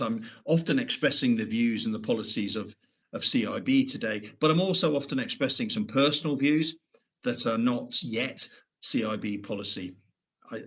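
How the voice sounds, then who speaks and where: A middle-aged man giving a prepared keynote at a conference, speaking in a measured way with frequent restarts and repeated words. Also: mid-range voice, breathy edge, highs cut off.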